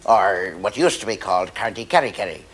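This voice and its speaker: A fussy museum guide , as an actor plays him, stumbling with ums and pitch swinging widely. He sounds mid-pitched and hesitant. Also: expressive, brisk. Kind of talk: TV comedy sketch.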